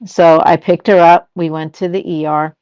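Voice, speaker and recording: A woman's voice: lowish voice, fairly even intonation, moderate pace, smooth, dry recording, muffled recording. An older woman chatting casually as a host, telling family stories and acting out what people said. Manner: storytelling, acts out quoted lines. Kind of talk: casual chat.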